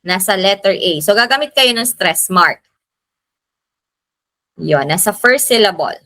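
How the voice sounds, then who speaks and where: A Filipino woman teaching a recorded lesson, explaining slowly and repeating key terms. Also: mid-range voice, lively intonation, pushed and bright, dry recording. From Philippines. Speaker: Spanish teacher. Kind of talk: recorded lecture in Taglish.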